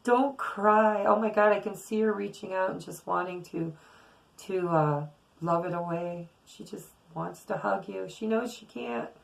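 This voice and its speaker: Middle-aged lady doing a tarot reading, gravelly voice, earnest and emphatic, swears now and then. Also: medium pitch, a little slow, rough recording. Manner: earnest, emphatic, repeats words, occasional swearing. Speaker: tarot reader. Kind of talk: casual spiritual reading to viewers.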